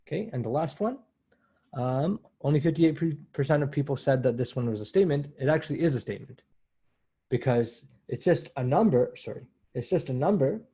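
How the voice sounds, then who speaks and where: Man lecturing on math, mellow tone, slightly husky, casual and self-correcting. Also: mid-range voice. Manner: conversational, self-correcting, explains step by step. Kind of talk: university lecture.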